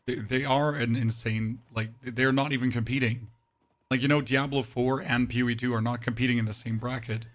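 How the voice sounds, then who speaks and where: Man, game streamer, hoarse strained voice, monotone, mid pitch, casual chat with viewers. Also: a little fast. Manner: flat monotone delivery; talks to chat with frequent "right?". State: hoarse, voice nearly gone. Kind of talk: casual live-stream chat while playing.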